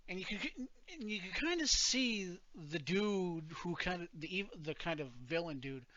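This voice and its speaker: Man, podcast co-host, chatty and rambling; bright voice, dull lo-fi sound. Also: sits high, lively intonation, moderate pace. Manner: rambling, laughs often, many restarts. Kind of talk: casual chat.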